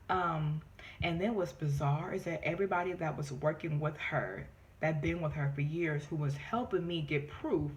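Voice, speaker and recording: Woman, casual vlogger, animated storyteller, lower voice, mimics others in a high voice and drops to near-whispered asides. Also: muffled recording, slight background noise. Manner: animated, acts out quoted voices in high pitch.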